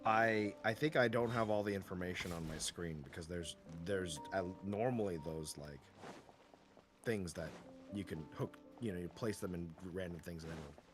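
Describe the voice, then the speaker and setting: A man chatting casually as a guest on a game stream, relaxed and joking. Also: low voice, normal speed, over music. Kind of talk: casual chat while gaming.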